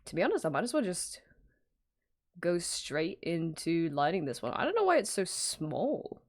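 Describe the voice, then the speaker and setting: A woman's voice: fairly low pitch, big pitch swings, moderate pace. A woman streaming live in casual chat, greeting viewers by name and laughing often as she works from home.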